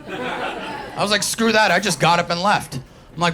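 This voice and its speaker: A man's voice: high voice, normal speed, pauses often, pushed and bright. A man with a New York accent doing a profane, brash stand-up comedy set on a live stage, acting out the voices he quotes. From New York City, Queens. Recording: live show with crowd laughter. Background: audience laughter.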